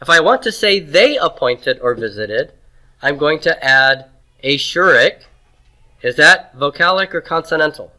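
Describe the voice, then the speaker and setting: Teacher: man, bright tone, quizzes the class and cracks folksy jokes. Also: a little high, expressive, a little slow, rough recording. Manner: drills pronunciation, asks the class questions, folksy jokes. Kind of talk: classroom lecture.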